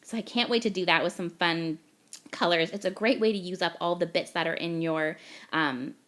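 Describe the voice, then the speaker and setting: A woman's voice: on the low side, normal speed, a bit bright. A young woman from Canada, gushing and chatty as she talks through a card-making tutorial voice-over step by step.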